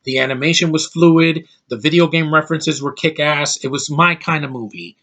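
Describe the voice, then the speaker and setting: Short on sleep, a man makes a casual movie list video, offering blunt, rambling opinions and often restarting his sentences. His voice is fairly high and fairly bright, at a moderate pace.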